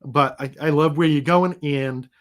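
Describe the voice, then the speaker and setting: Still recovering from being sick, a middle-aged livestream host chats in an easygoing, rambling way, laughing now and then. His voice is a little high, and he talks a little slowly.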